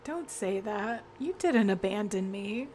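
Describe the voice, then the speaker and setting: A woman's voice: medium pitch, lively intonation, a little slow, darkish tone, slight background noise, close to an everyday voice. Woman reading as an earnest teenage boy. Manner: plain read-aloud delivery.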